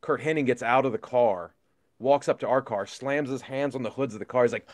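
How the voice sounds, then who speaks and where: A middle-aged man spins a story at a rapid clip, excitable and profane, jumping into re-enactments as he goes. His voice sits at an ordinary pitch and sounds close and dry, with no room around it. It feels like relaxed podcast chat between old friends. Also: no room sound. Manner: excitable storyteller, heavy swearing, animated re-enactments. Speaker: podcast co-host.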